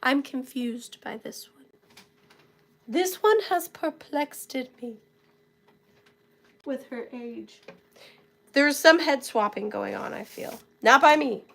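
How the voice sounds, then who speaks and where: Gravelly woman hosting a live sale. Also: high-pitched, lively intonation, slow, pauses often, a bit bright. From southern United States. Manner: chatty, affectionate, thanks viewers by name. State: feeling unwell. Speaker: live-stream auction host. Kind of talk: casual live-stream selling chat. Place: home workspace.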